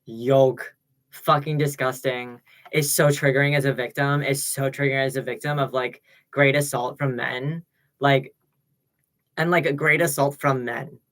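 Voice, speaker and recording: Bright, heated male-sounding ranting streamer. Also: mid-range voice, fairly even intonation, unhurried. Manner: profane, heated, full of "like" fillers. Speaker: livestreamer. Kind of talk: ranting livestream monologue. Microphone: webcam mic.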